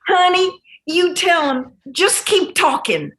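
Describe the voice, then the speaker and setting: A woman's voice: medium pitch, fairly even intonation, moderate pace, natural voice. A woman voicing a grieving older widow as she retells a conversation in an interview. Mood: fond.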